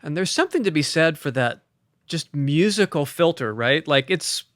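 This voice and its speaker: A man with a slightly high, bright, forceful voice chats casually as a composer on a podcast. He rambles with enthusiasm, full of "like" and restarts, close to a dry microphone. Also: animated, moderate pace, no echo. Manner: enthusiastic, loose, with frequent fillers. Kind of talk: casual conversation about synths.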